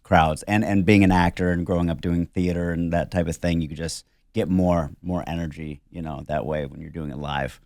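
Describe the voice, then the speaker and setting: A man with a very deep voice tells a story in casual podcast chat, slipping into higher voices for the people he quotes. The sound is dry and close to the mic. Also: steady tone, normal speed, few pauses, a little mellow, no room sound. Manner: storytelling, mimics others with a raised pitch. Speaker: podcast co-host.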